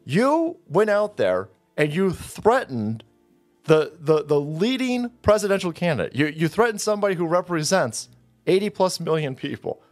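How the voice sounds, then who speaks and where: A man rants through heated, profane political commentary with biting sarcasm. His slightly raised voice swings widely, jumping up and dropping low as he reads posts and mocks them. Faint music sits under the talk. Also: very animated, normal speed. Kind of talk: ranting commentary reading out posts.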